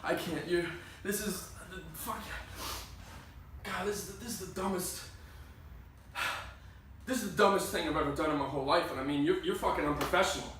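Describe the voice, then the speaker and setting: A man playing an eager, halting young actor. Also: sits high, fairly bright tone. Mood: angry. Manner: hesitant, eager, halting restarts. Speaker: auditioning actor. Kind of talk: comedy sketch acting. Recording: distant mic, very echoey room, faint hiss.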